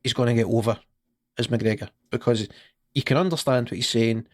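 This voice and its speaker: A Scottish man with a voice of ordinary middle pitch, chatting on a podcast. He rambles through stories, swears freely and laughs at his own jokes. The sound is dry and close, with almost no room around it. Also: fairly even intonation, fairly quick, no room sound. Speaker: podcast co-host. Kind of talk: casual podcast chat.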